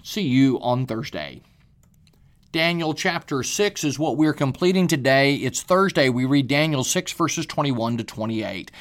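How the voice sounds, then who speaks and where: A man's voice: mid-range voice, lively intonation, moderate pace, a bit bright. An older man, a preacher, giving an earnest daily Bible reading talk and stressing key phrases.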